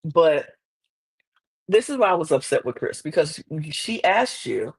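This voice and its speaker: A woman hosting a podcast, recapping a reality show in casual, animated chat. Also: sits low, measured pace, husky. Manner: chatty, animated, quotes people in exaggerated voices.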